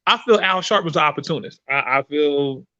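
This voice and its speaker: A man hosting a podcast, telling a story in a profane, animated way with many restarts. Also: fairly high pitch, brisk, dry recording, lo-fi sound. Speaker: podcast host and performer. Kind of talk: casual chat, storytelling.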